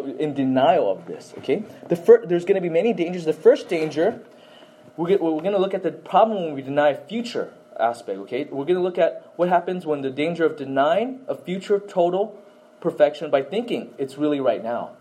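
A man's voice: a little high, dark tone, a little hiss or hum, low-quality recording. A man teaching a Bible class, often quizzing listeners with questions and adding "okay?" to his points.

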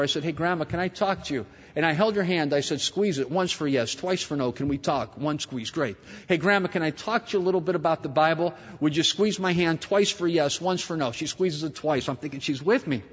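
A man's voice: high voice, a bit bright, husky. A middle-aged man preaching a sermon, telling a personal story with earnest testimony and acting out the dialogue. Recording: muffled audio with long hall reverb.

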